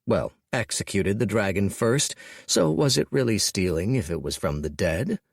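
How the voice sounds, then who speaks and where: A man narrating an audiobook in a wry, measured storytelling manner. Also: lowish voice, lively intonation, husky, dry recording, studio quality.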